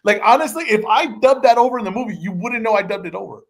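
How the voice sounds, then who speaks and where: A man co-hosts a boxing podcast, chatting casually and teasing and joking with his fellow hosts. His voice is high-pitched and fast, and his manner is playful and excitable.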